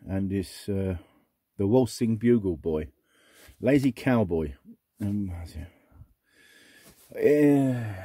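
A middle-aged man chatting casually as he sorts through a box of old records, muttering asides and breaking into excited exclamations. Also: lowish voice, no room sound, studio quality. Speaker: record collector vlogger. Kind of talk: casual unboxing chat.

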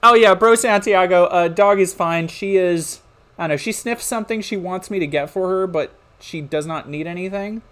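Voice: medium pitch, normal speed, a bit bright. Scornful, swearing reaction streamer. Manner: profane, scornful, sarcastic. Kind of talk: live-stream reaction commentary.

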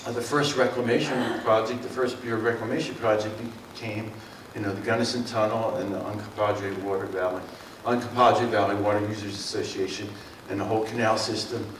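The speaker is a middle-aged Mid-Atlantic man with a Philadelphia and South Jersey accent, representing a water district at a community forum. He talks briskly with few pauses in a fairly low, even voice, rambling folksily through fillers and restarts. The mic is distant, and his voice echoes around the meeting room over a faint hum.

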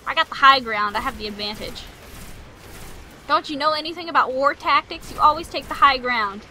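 A woman host giving playful, excitable let's-play commentary, taunting enemies and making silly sound effects as she plays. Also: high voice, normal speed, slight background noise. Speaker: gaming channel host.

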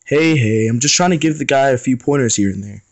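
A man's voice: medium pitch, fairly quick, close to an everyday voice. A young man voicing a cocky, teasing teenage boy in a school short story, with brash, mocking delivery.

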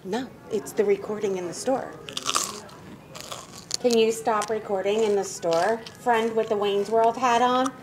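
A woman's voice: mid-range voice, fairly even intonation, unhurried, noisy background. A woman working in a store, speaking in a firm, no-nonsense way. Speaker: store employee.

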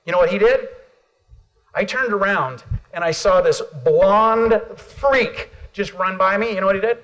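A middle-aged American man giving an energetic motivational keynote at a conference, calling on the audience for responses. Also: high-pitched, a little slow. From United States. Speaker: motivational speaker.

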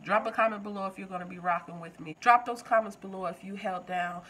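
A woman's voice: mid-range voice, fairly even intonation, fast, a bit bright, slight background noise, poor audio. A woman recapping a TV episode in a casual, joking way, talking back to the show. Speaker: TV recap vlogger.

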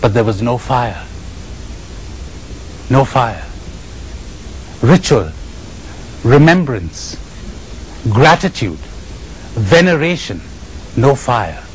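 A man with an Indian accent giving a spiritual lecture, telling stories emphatically with dramatic pauses and chuckles. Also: mid-range voice, big pitch swings, a little hiss or hum, rough recording. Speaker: spiritual retreat speaker.

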